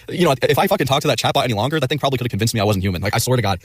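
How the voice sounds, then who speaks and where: A man's voice: mid-range voice, expressive, racing, breathy edge, no echo. A man livestreaming, chatting casually in a rambling way, swearing often and acting out quoted replies. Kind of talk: casual rambling stream chat.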